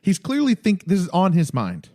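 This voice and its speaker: Animated male podcast co-host. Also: sits high, moderate pace. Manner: emotional, animated, quotes scenes in a raised voice. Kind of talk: casual chat.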